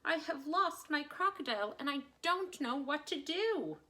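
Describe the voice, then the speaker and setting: A woman's voice: sits high, animated, a little slow, pushed and bright, pitched above the performer's own voice, heavily acted. A woman voicing an anxious, polite lady asking everyone for help in a storybook reading. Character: anxious, polite woman hunting her lost crocodile.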